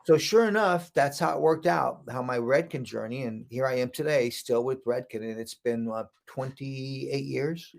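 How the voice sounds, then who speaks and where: A middle-aged man from the United States, a guest telling an animated story and acting out the voices of the people in it. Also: medium pitch, normal speed, gravelly, hardly any pauses. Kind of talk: storytelling interview.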